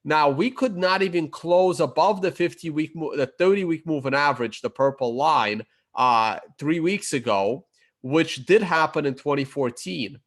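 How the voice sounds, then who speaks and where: A man with a fairly high voice walks through his charts in a loose, unscripted way. He stops and restarts often, fills gaps with "uh," and his voice sounds worn and croaky. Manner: halting, many fillers and self-corrections. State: losing his voice, clearing his throat. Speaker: crypto chart analyst. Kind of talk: casual screen-share chart commentary.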